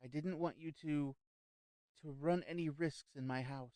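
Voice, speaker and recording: A man's voice: fairly high pitch, steady tone, unhurried, a little mellow, dry recording, lightly acted. A man voicing an anxious, fussy society lady who hesitates and stumbles over her words. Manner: nervous, hesitant, stammering repeats.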